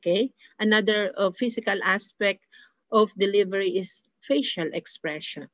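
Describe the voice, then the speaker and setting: A woman's voice: medium pitch, moderate pace, a bit bright, no room sound. A woman teacher with a Filipino accent gives an online lecture, defining terms one by one and often saying "okay" and "uh". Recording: dull lo-fi recording.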